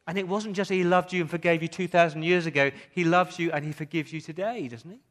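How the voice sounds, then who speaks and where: A man preaching a sermon as pastor, putting rhetorical questions to the congregation and moving between a quiet hush and emphatic rises. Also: a little high, steady tone, fast.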